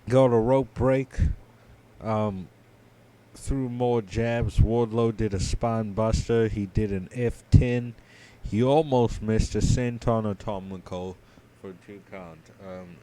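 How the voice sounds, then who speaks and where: A sleepy man co-hosting a podcast, giving a drowsy, low-key play-by-play recap full of ums and uhs. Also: dark tone, a little hiss or hum. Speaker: podcast co-host. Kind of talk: casual match recap.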